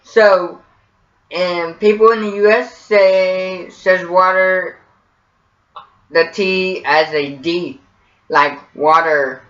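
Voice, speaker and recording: An American man talks slowly through a casual how-to vlog. He hesitates and repeats himself in a bright voice. The recording is dull and lo-fi, with a roomy echo. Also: high-pitched, steady tone. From United States. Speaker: vlogger.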